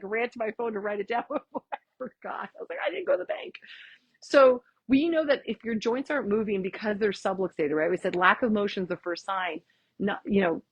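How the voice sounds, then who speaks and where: A woman chiropractor, giving a lively, chatty workshop talk and often asking "right?". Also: medium pitch, husky, dry recording. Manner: chatty, tags lines with "right?", acts out quotes. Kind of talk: casual, enthusiastic presentation.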